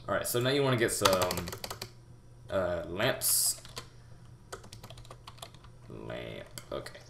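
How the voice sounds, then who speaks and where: A young man giving a rambling, halting game tutorial, full of fillers and restarts, talking as if out of breath. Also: low voice, very animated, vocal fry. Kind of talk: casual gameplay tutorial. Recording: echoey room with loud background noise. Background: keyboard typing and mouse clicks.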